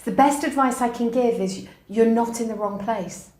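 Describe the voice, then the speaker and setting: A woman's voice: fairly high pitch, moderate pace, darkish tone. A middle-aged woman, a university educator, answering interview questions in an emphatic, encouraging way and telling anecdotes. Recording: echoey room.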